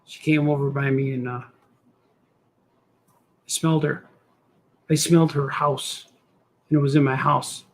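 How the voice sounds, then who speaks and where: Rambling husky-voiced cartoonist. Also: male voice, a little high, level tone, measured pace, pauses often. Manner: goofy, talks to himself, does silly voices. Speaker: cartoonist host drawing on stream. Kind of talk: rambling casual chat while drawing.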